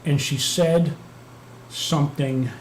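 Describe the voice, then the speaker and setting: Hosting a live stream, a man with a somewhat high, steady, slow voice chats casually and tells a profane story while muttering over his computer work. The room is echoey, with faint background noise.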